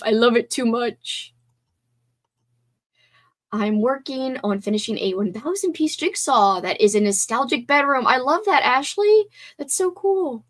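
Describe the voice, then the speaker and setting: A woman hosting a casual livestream, chatting and reading viewer comments aloud. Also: a little high. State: teary, voice breaking. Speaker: livestream host.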